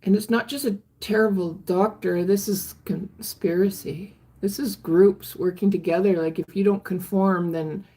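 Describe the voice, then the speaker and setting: An older woman, chatting candidly on a live stream and answering viewer comments in a halting way, often restarting her sentences. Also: mid-range voice, steady tone, mellow, slightly rough. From Canada. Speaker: livestreamer reading viewer comments. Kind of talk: casual live-stream chat.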